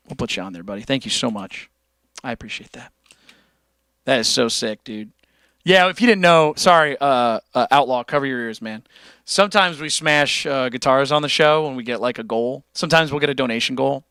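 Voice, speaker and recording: A man's voice: a little high, normal speed, no echo. A man hosting a casual livestream, chatting loosely and profanely while reading out donations. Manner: loose, profane, animated, reads donations aloud. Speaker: livestream host.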